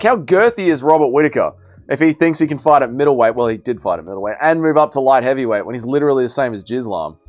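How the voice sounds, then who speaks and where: A young man hosting a casual livestream, bantering as he reads and answers viewers' chat messages. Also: on the high side. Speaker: livestream host.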